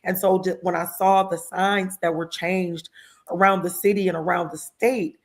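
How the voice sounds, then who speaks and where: Woman, lowish register, emotional interview guest who voices other people in her stories. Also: moderate pace. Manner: animated, acts out other people's lines in her retelling; heartfelt and emotional, with religious exclamations. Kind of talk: conversational storytelling interview.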